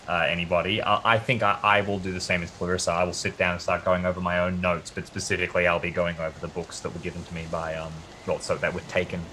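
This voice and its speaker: A man playing in a tabletop horror game talks in a halting, hesitant way, full of ums and restarts. His voice is fairly low but bright and forceful in tone, with faint noise behind it. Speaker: player.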